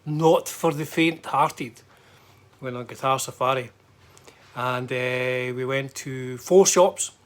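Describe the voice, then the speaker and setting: Brief: middle-aged Scottish guitar vlogger, mid-pitched, loose and rambling. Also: male voice, fairly bright tone. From Scotland. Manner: rambling, chatty, frequent fillers and restarts. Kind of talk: casual travel chat.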